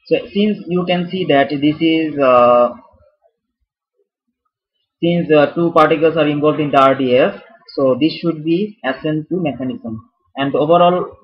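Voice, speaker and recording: A man's voice: mid-range voice, husky. A man teaching a chemistry tutorial while he writes. He talks casually, stumbles over and restarts words, jokes at his own expense and calls viewers "fellas.". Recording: dull lo-fi sound.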